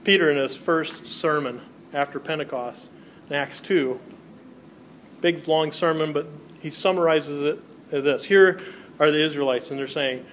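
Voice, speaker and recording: A man's voice: a little high, unhurried, fairly bright tone, slight background noise. A male pastor preaching a sermon, reading Bible passages aloud and explaining them to his congregation. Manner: reads scripture aloud, then explains it to the congregation.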